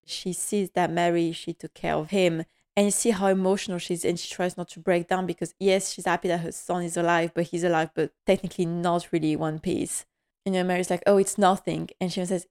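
A woman hosts a podcast and recaps a drama episode in casual chat. She talks quickly and with feeling, in a slightly low voice. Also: darkish tone, smooth. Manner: emotional, quick, heartfelt. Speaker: podcast host.

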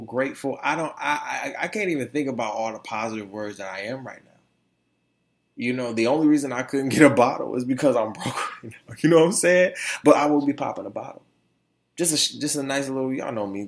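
A man's voice: medium pitch, vocal fry. A male podcast host talking solo, emotional and grateful, stumbling and repeating words as he goes.

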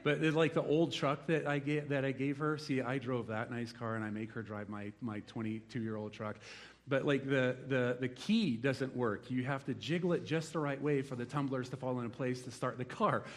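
A middle-aged man preaching a sermon in a conversational, animated way, acting out the voices in his stories. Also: mid-range voice, normal speed. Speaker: pastor.

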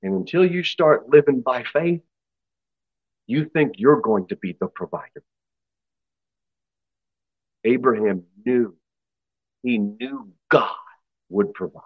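A man's voice: mid-range voice, slow, long pauses, breathy edge, no echo, phone-quality sound. A man preaching an expository sermon in a church, emphatic and acting out story voices. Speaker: pastor.

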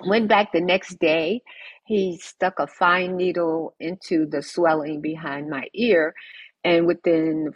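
A woman's voice: lowish voice, slow pace, no room sound, lo-fi sound. A woman sharing her personal story in a conversational interview, firm and direct, acting out the people in it. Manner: animated storyteller who acts out dialogue. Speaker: interview guest, cancer survivor.

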